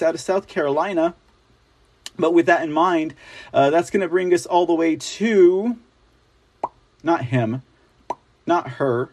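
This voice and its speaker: A man hosting a live-streamed political commentary show, reading out articles and chatting excitedly with his viewers. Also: a little high, no echo.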